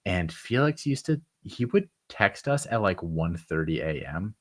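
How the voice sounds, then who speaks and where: A man's voice: deep voice, very animated, unhurried. A man co-hosting a sports podcast, talking casually and giving advice, with lots of fillers. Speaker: podcast co-host. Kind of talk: casual chat.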